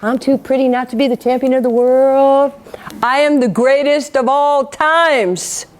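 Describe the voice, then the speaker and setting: A swaggering heavyweight champion crows that he is the greatest, rattling off his wins in a declaiming rhythm, as a woman puts him on. The voice sits a touch lower than her everyday pitch, but it is still high for a man. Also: fairly even intonation, unhurried. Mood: boastful. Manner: bragging, rhyming, declaiming. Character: boastful boxing champion, male impression.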